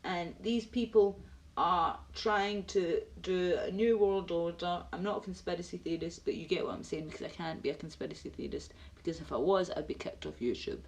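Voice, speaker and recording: A woman's voice: fairly low pitch, normal speed. Rambling woman live-streaming. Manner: rambling, ranting, answers chat viewers by name. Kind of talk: casual live-stream chat.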